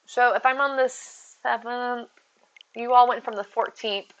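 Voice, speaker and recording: A woman's voice: on the high side, fairly even intonation, a little slow, muffled recording. A woman streaming live from home, chatting casually and answering viewers' messages as she goes. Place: at home with her cats.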